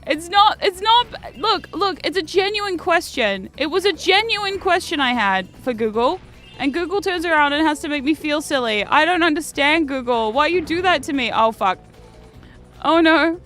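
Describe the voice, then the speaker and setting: High-voiced chatty woman streamer. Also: animated, moderate pace, a bit bright, soft background music. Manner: chatty, swears freely, laughs often. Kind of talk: casual chat while gaming.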